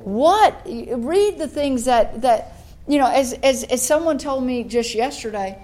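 A middle-aged woman, a state senator giving an animated political speech to a meeting, acting out the voices of the people she quotes and building up her emphasis. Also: high-pitched, unhurried. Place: meeting room with an audience.

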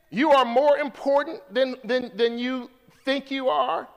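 A male pastor preaching a sermon to his congregation, swinging from hushed lines to loud, high calls. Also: steady tone, unhurried, big-room sound.

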